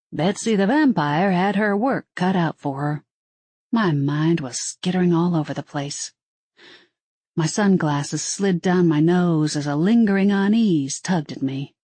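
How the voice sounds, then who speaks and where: A woman's voice: lowish voice, a little mellow, no room sound. A woman narrating a first-person audiobook in a wry storytelling manner.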